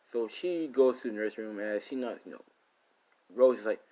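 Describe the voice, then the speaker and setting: A man's voice: on the low side, moderate pace, mellow. A man improvising a fan story narration, rambling with many fillers and asides.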